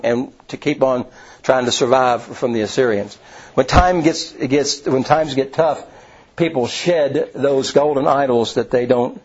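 A man's voice: medium pitch, darkish tone, husky. A man preaching a sermon, reading scripture and quoting passages aloud between plain asides, with frequent restarts. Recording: dull lo-fi sound.

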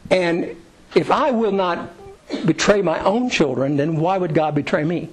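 A middle-aged man delivers a sermon in a relaxed, conversational way. His voice sits a little high for a man. He voices the prayers he quotes with a lift in pitch. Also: a little slow, low-quality recording. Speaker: pastor.

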